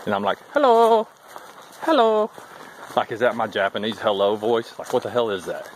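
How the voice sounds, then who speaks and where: Man, lowish voice, chatty and wry, hiking vlog on a trail, faint outdoor hiss. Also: poor audio. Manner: chatty, wry, thinking out loud. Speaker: thru-hiker vlogger. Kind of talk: casual walking vlog. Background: faint outdoor ambience.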